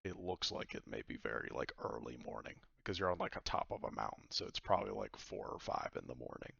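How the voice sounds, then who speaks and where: A man's voice: sits low, sing-song, fast, gravelly, bright, forceful tone, slightly rough, no echo, highs cut off. A man narrating a tabletop game as game master, rambling with lots of fillers.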